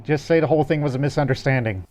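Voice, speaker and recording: A man's voice: medium pitch, very fast, a little mellow. A man co-hosting a casual gaming podcast, rambling with fillers and restarts. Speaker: podcast co-host.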